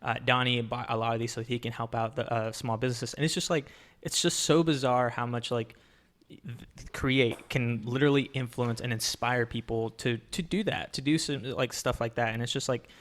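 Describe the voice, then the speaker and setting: A man's voice: mid-range voice, steady tone, moderate pace, a bit bright. A man hosting a podcast in casual chat, rambling with many fillers and restarts. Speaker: podcast host.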